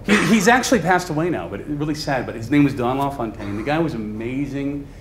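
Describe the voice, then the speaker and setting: Animated male stand-up comedian, echoey room. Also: mid-range voice, brisk. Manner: animated, chatty, laughs at his own jokes. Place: comedy stage before a live audience. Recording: echoey room, audience laughter, noise.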